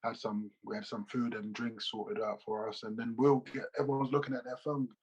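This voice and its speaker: Husky ex-footballer telling stories. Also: male voice, fairly low pitch, a little fast, lo-fi sound. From England. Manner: animated, loose slangy storytelling with repeats. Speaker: guest, former footballer. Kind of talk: casual interview storytelling. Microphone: video call.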